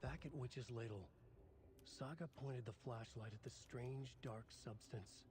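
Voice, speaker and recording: A man giving tense, measured scripted narration for a video game. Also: medium pitch, a little mellow, slight background noise, lightly acted.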